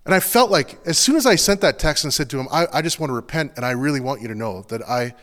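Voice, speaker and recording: A pastor giving an earnest, confessional sermon in a loose, conversational way, full of casual fillers. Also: male voice, mid-range voice, animated, fast, fairly bright tone, big-room sound.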